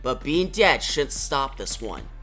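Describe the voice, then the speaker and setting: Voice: mid-range voice, sing-song, slow, a bit bright, slightly rough, soft background music, heavily acted. A comic reviewer reading the lines of a young, serious male hero in an earnest, determined way.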